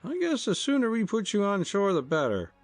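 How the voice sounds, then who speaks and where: Male reader as a cool, wry young fellow, raised pitch, lively. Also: fairly quick, soft background music, exaggerated voice. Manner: cool, mocking.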